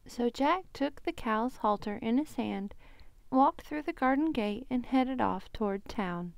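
A woman librarian reading a children's storybook aloud at a slow, expressive pace. Her voice sits a little high with a gravelly edge. Dry, close sound. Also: no echo.

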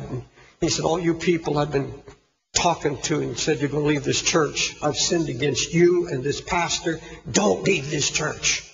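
A man's voice: mid-range voice, creaky, a little hiss or hum. A man preaching a sermon, telling a story with fervent, impassioned delivery. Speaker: pastor. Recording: echoey hall, dull lo-fi recording.

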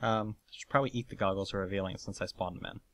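A man's voice: low voice, fairly even intonation, fast, fairly bright tone. A man hosting a let's play, chatting casually and swearing as he guides a tour through a game world. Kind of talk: casual gameplay commentary.

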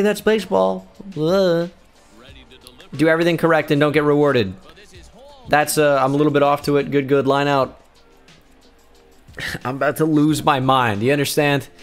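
A young man giving sarcastic play-by-play commentary over his own baseball video game, bursting into shouts of excitement. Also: a little high. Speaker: gaming YouTuber. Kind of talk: gameplay commentary. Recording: game music faintly behind.

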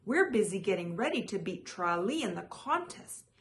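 A woman's voice: mid-range voice, big pitch swings, normal speed, a little hiss or hum. A woman reading a storybook aloud, voicing a busy village woman who is impatient with a stranger. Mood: annoyed. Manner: impatient, sharp.

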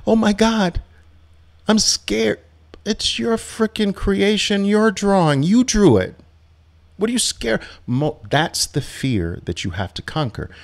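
A middle-aged man hosting a live Q&A on trading, telling stories in a casual, animated way and acting out quotes with big jumps in pitch. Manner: animated, acts out quotes with sharp rises in pitch, laughs often.

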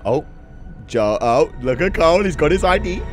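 A young man commenting on a game as he plays. His voice runs high and leaps all over the place as he laughs, shouts and swears. Faint music plays underneath. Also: big pitch swings, normal speed. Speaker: gaming channel host. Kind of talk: let's play commentary.

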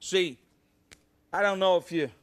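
A man's voice: high voice, measured pace, heavy background noise. A man hosting a live cooking show, chatting and joking with the studio audience as he demonstrates a recipe.

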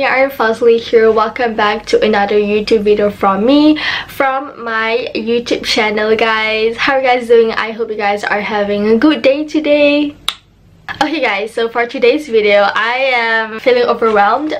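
A young woman with a Malaysian accent chatting excitedly to camera in a casual vlog, mixing English and Malay phrases. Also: fairly high pitch, a little slow. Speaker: YouTuber.

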